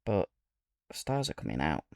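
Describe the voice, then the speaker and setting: A man giving relaxed, musing commentary while playing a train simulator, talking to himself between pauses. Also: extremely low pitch, creaky, no echo, studio quality. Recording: loud game engine and rail noise over the voice. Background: loud simulated locomotive and ambient game sounds.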